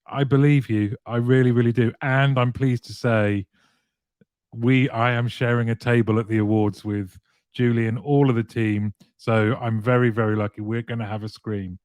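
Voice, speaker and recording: A man's voice: medium pitch, steady tone, normal speed, a little mellow, no room sound. A man hosting a weekly live show, chatting and greeting viewers one by one by name.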